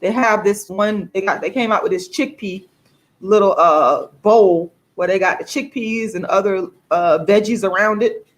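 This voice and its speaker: Woman, casual vlog, chatty, emphatic, mid-pitched voice, talks straight to viewers. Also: normal speed. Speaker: vlogger.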